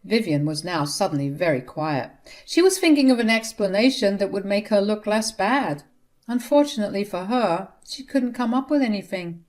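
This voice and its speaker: A woman narrating a first-person family drama story in a steady, indignant way. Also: mid-range voice, normal speed.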